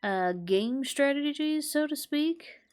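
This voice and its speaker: A woman's voice: high-pitched, expressive, slow pace. Chatty woman gamer, teasing and sweary. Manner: chatty, swears freely, teasing and self-mocking. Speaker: gaming channel host. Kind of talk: casual let's play commentary.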